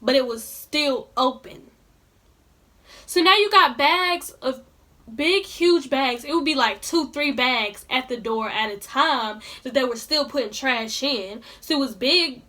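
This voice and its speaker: A woman's voice: high-pitched, slow pace, bright, forceful tone. A young woman telling a storytime vlog in colloquial speech, indignantly ranting straight to her viewers. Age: young adult. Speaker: vlogger.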